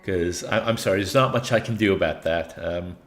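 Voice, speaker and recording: A man's voice: low voice, brisk, soft background music. A man streaming himself playing a video game and chatting casually, rambling and self-deprecating, often laughing at himself.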